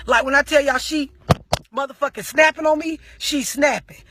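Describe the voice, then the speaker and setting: A woman vlogger telling a story as an animated rant, full of slang and heavy profanity. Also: high voice, moderate pace.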